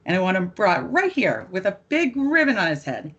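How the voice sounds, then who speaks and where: A woman doing an impression of a frantic middle-aged dad in a furious holiday rant, firing off a rapid string of insults. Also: mid-range voice, very animated, fairly bright tone, highs cut off.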